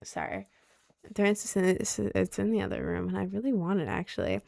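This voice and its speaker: A young woman streamer from Maryland talks casually to her live chat. She has a mid-range voice and gushes excitedly, with lots of rambling "like"s as she reads comments aloud. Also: medium pitch, fairly quick, creaky. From Maryland, United States.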